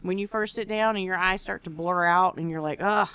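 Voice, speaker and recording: Podcast co-host, woman, lower pitched, animated storyteller. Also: fairly quick, clean tone, no echo. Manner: animated storyteller, acts out her own past reactions. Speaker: co-host teaching decorative rod wraps. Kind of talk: casual podcast chat.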